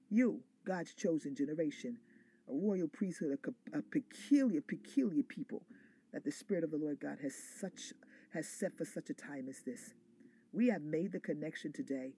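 A woman's voice: sits low, dark tone, slight background noise. A woman preacher delivering a sermon with fervent, repetitive call-and-response phrasing.

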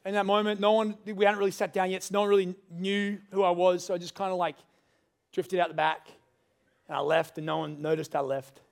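A male pastor delivers a sermon with a high-pitched voice. He moves between earnest exhortation and relaxed, conversational storytelling. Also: brisk, vocal fry.

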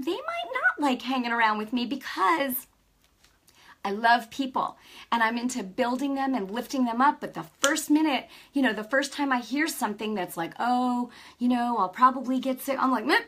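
Middle-aged woman, casual faith talk, animated storyteller, conversational, checks in with listeners. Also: high-pitched. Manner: lively storytelling, acts out quoted dialogue; peppers speech with "right?" and "you know". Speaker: Christian speaker.

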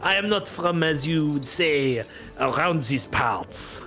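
Suave elf merchant, smooth and flattering with French-tinged phrases, as a man puts him on. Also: a little high, takes it slowly, soft background music, heavily acted. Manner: French-flavoured polite flattery.

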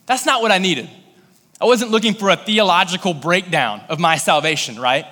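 A man from Kentucky, a pastor, preaches at a moderate pace in a high-sitting, bright, forceful voice that fills a large hall. The delivery is conversational and filler-heavy, becoming intense and pleading whenever he prays.

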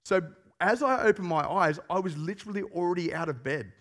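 A pastor preaching a sermon, telling stories with animation and putting questions to the congregation. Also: male voice, high voice, brisk. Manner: animated storyteller who asks the congregation questions.

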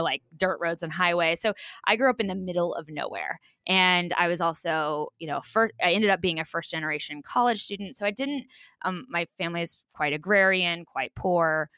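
Chatty woman in her forties, bright voice. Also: fairly low pitch, clear, resonant tone, no room sound. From Kansas, USA. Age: 40s. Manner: chatty, animated, frequent fillers like "you know". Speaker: guest. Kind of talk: storytelling in a casual interview.

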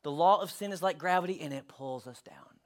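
Guy preaching a sermon, pretty high voice, lively, gets loud then drops to a hush. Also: fairly quick. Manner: animated, acts out story voices, swings loud to hushed. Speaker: pastor. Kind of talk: sermon with storybook reading.

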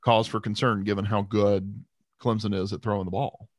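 A man co-hosting a sports podcast in casual chat, animated and self-deprecating, with frequent restarts. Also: lowish voice, moderate pace, dry recording, studio quality. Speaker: podcast co-host.

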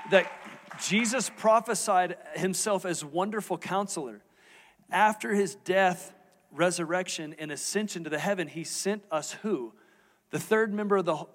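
A middle-aged man, a lead pastor, preaching a sermon from a church stage in a candid, conversational way, asking the audience questions. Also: a little high. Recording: reverberant church hall.

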